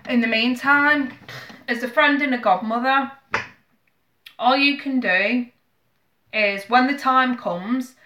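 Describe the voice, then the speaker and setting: Woman tarot reader, earnest and emotional, bright tone, roomy home echo. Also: medium pitch. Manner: earnest, emotional, addresses viewer directly. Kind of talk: live tarot reading to viewers.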